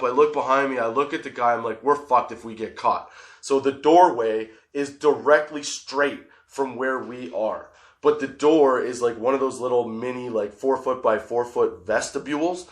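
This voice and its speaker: A man hosts a comedy podcast, spinning a long, profane story that he keeps laughing through. His voice sits at an ordinary middle pitch, and it carries a roomy echo from the space he records in. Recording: roomy echoey room.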